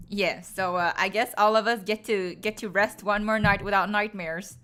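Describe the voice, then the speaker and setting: A woman's voice: medium pitch, measured pace, fairly bright tone, soft background music. A woman chatting casually on a stream, pleading and groaning with exaggerated drama to her viewers. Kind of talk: casual live-stream chat.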